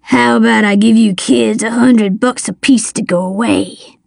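A woman's voice: on the high side, steady tone, unhurried, gravelly, a little mellow, dry recording, clean studio sound, exaggerated voice. A woman voicing a cold, sly middle-aged male crook in an audiobook, bribing and snarling. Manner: sly, wheedling, then snarling.

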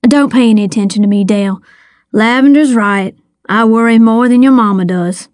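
A woman's voice: fairly high pitch, normal speed, a little mellow, no echo, studio quality, natural voice. Woman doing a fretful, grumbling older mechanic.

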